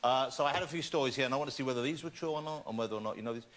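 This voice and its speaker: A man's voice: medium pitch, rapid-fire. A man interviewing a band, teasing and laughing as he asks playful questions. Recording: loud crowd and noise.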